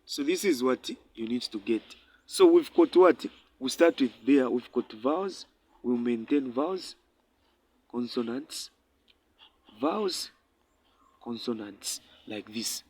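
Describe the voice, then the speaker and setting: A male tutor working through a probability problem, asking questions and answering them himself, repeating numbers slowly as he writes. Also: mid-range voice, expressive, a little mellow, husky. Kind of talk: maths lesson at a board.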